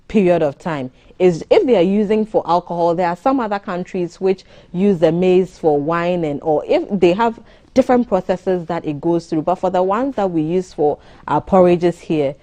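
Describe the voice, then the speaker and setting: Low-voiced woman doctor explaining. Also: dark tone. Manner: explanatory, measured, advisory. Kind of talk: studio interview on a morning TV show.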